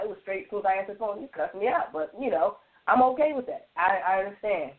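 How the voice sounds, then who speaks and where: A woman on a radio panel, telling stories with lively restarts and lots of "like". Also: medium pitch, quick pace. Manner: animated storytelling with many restarts and repeated "like". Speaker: roundtable panelist. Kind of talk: casual radio panel chat. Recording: tinny phone-line sound.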